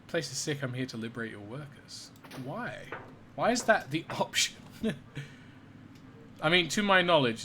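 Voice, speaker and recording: A man streaming a video game live, talking it over casually and thinking out loud. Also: fairly low pitch, noisy background. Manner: casual, rambling and thinking aloud.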